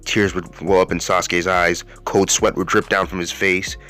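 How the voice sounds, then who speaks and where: Low-voiced casual man narrating fan theories. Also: flat delivery, moderate pace, bright, forceful tone, faint music behind. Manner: casual, rambling, with fillers and restarts. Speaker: YouTube host.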